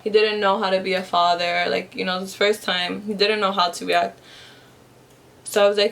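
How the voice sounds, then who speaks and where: A woman's voice: medium pitch, level tone, normal speed, creaky, fairly bright tone. A young woman telling a personal story while she does her makeup, rambling casually with lots of fillers and restarts. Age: young adult. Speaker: vlogger. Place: at home, in front of a camera.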